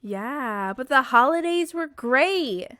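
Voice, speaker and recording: A woman's voice: high voice, expressive, pushed and bright, no echo, clean studio sound. Chatty woman co-host with a sick voice. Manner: chatty and bubbly, quick to laugh. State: sick, hoarse voice. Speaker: podcast co-host. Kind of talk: casual chat.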